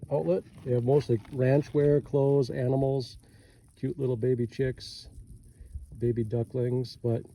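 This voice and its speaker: A man's voice: fairly high pitch, mellow, a little hiss or hum, low-quality recording. A man with a Minnesota accent casually talking through ranch maintenance in a rambling, self-deprecating vlog, recorded outdoors on a ranch. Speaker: ranch owner vlogger.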